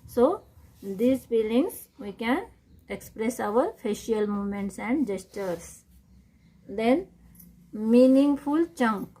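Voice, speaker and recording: A woman teaching a lesson on reading techniques, defining each term slowly and repeating it. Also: fairly high pitch, lively intonation, warm tone. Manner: slow, repetitive, defining terms one by one. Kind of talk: classroom lecture on reading techniques.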